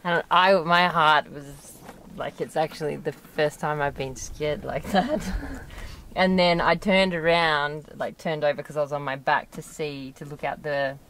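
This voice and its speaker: A woman's voice: deep voice, fairly even intonation, a little slow, a bit bright, a little hiss or hum. A young woman chatting casually at an outdoor campsite, teasing and laughing as she tells a story. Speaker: travel companion. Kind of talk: casual chat.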